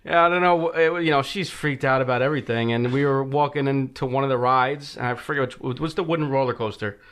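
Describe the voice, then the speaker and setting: A man telling a story as a podcast guest, halting and laughing as he goes. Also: medium pitch, a bit bright. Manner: laughs through his own story, halting. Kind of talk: casual chat.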